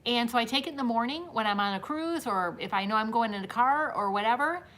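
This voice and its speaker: A woman's voice: fairly high pitch, expressive, fast, a bit bright. A woman in her fifties hosting a casual live-stream chat, telling stories to her viewers and laughing often. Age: 50s. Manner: chatty storyteller, talks straight to viewers, laughs often. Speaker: host.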